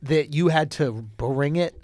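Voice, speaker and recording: High-voiced man hosting a podcast. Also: steady tone, darkish tone, dry recording, clean studio sound. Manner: quick questioning, hyped. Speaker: podcast host. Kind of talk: casual podcast chat.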